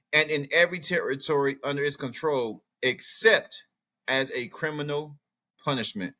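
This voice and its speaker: A man's voice: a little high, measured pace. A man hosting a casual, outspoken reaction commentary, thinking aloud as he looks things up and reads passages. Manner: animated, outspoken, thinks aloud while browsing maps and texts. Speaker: commentary channel host.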